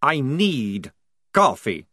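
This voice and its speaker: A man plays a twitchy male vampire soldier in an audiobook, desperate for coffee. He whines and stretches his words, lifting his voice a little above his usual tone, with a lively rise and fall. The recording is dry and close. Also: mid-range voice, extremely slow, breathy edge, no echo, full character voice. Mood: jittery. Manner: nervous, complaining, drawn out.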